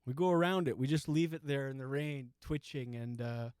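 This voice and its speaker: A man's voice: medium pitch, moderate pace, darkish tone, clean tone, no echo, clean studio sound. A man in his forties hosting a podcast, telling a story casually, swearing often and laughing through it. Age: 40s. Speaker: podcast host.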